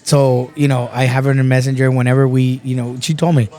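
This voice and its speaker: A man from Texas, a podcast guest, telling stories in a casual, animated way, swearing often and calling everyone bro. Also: medium pitch, quick pace. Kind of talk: casual chat.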